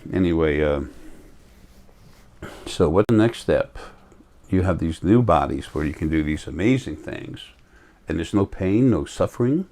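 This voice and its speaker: Low voiced guy rambling on about the afterlife, lots of ums, calm and soft. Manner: rambling, many fillers and restarts. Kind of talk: casual spiritual monologue.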